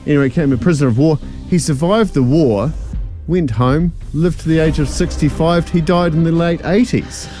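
A man's voice: fairly high pitch, normal speed, faint music behind. Man telling a story on radio. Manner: animated storyteller, laughs often. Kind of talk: casual radio banter, storytelling.

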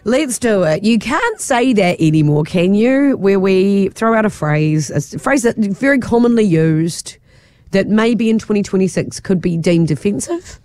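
A woman's voice: lively intonation, unhurried, a little mellow, no room sound. Kiwi lady radio host, chatty, laughs a lot, voice swoops way up and down. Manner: chatty, laughs often, rises high when amused. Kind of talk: breakfast radio banter.

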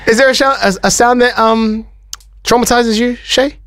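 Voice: mid-range voice, fairly even intonation, normal speed, fairly bright tone, no room sound. A radio co-host in a studio, teasing and laughing often in casual banter.

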